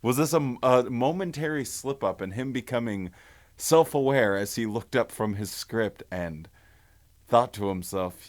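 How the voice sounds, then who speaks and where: A man's voice: mid-range voice, lively intonation, a little slow. A man hosting a casual commentary video, rambling and wondering aloud as he talks.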